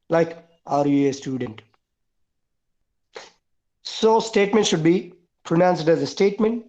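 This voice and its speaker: High-voiced teacher. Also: male voice, mellow. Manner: instructive, lists points and repeats key words. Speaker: English teacher. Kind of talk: online class instruction. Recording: dull lo-fi online call audio.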